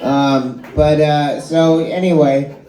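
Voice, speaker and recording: A man's voice: fairly high pitch, fairly even intonation, slow, noisy background. A middle-aged man doing stand-up comedy in a bar and grill, telling rambling, self-deprecating, profane anecdotes. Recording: echoey live room.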